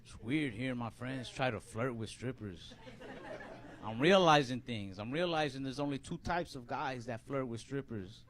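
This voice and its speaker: A man's voice: mid-range voice, far from the mic. A man in his twenties doing stand-up comedy, with a laid-back, mumbly delivery and stammered restarts. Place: comedy club stage. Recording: roomy live club recording with crowd laughter.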